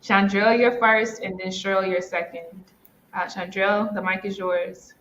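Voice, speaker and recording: A woman's voice: mid-range voice, steady tone, unhurried, a bit bright. A woman hosting a live virtual event, effusive with praise and calling people "sis". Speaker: summit host. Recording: slightly dull lo-fi audio with faint noise.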